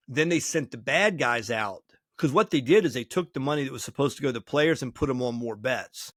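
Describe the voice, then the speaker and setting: A man's voice: mid-range voice, moderate pace, few pauses, no echo, studio quality. Man telling a story, acting out dialogue. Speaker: podcast co-host. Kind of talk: casual podcast chat.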